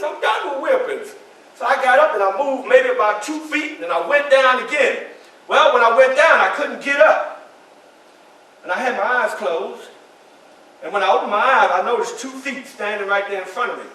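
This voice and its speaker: A man's voice: extremely high pitch, animated, normal speed, sharp tone, heavily acted. A man performing as Frederick Douglass in a one-man historical storytelling show, dramatically addressing the audience in a library room. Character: Frederick Douglass, man recounting his enslavement. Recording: echoey room from far off.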